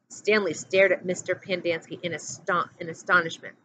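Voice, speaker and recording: A woman teacher reading a chapter book aloud in a steady, plain narrating voice. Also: on the low side, normal speed, few pauses. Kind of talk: storybook read-aloud. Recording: dull lo-fi audio with faint hum.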